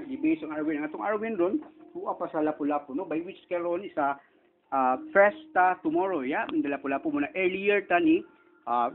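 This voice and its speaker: Filipino man, host of his own channel, gravelly voice, swooping pitch, rambling tag-question delivery, tinny phone-quality audio. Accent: Filipino (Cebuano). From Philippines. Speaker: channel owner and inventor. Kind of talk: casual screen walkthrough.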